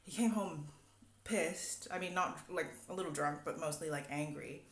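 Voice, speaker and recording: A woman's voice: deep voice, moderate pace. A young woman vlogger telling a story casually, rambling with many fillers. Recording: echoey room.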